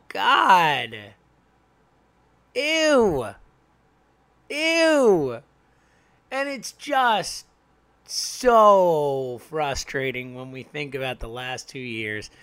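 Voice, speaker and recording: A young man hosting a casual sports talk, ranting in frustration, his voice swinging from loud outbursts to quiet mutters. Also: a little high, no echo. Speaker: sports podcast host. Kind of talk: casual sports commentary monologue.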